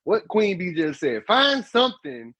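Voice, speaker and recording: Emphatic man with a husky voice. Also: high voice, unhurried, no room sound, rough recording. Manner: animated, emphatic, repeats "guess what". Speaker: podcast co-host. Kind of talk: casual advice talk.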